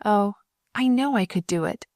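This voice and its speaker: A woman voicing an impulsive, emotional young nurse in an audiobook, talking in high, overwrought bursts. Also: normal speed, darkish tone, no room sound, clean studio sound, natural voice. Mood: helpless pleading. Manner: overwrought, swinging between wailing and shrieking.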